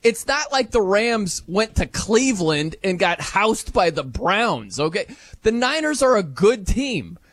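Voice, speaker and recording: A man hosting a sports talk show, animated and incredulous, laughing as he talks. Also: high-pitched, unhurried, no echo.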